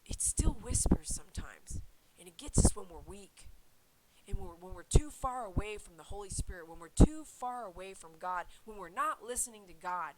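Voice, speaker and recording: A woman's voice: medium pitch, expressive, normal speed, a crowd in the background, rough recording. A woman who grooms dogs, talking casually and earnestly to her viewers about faith, rambling and repeating herself. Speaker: dog groomer and channel host.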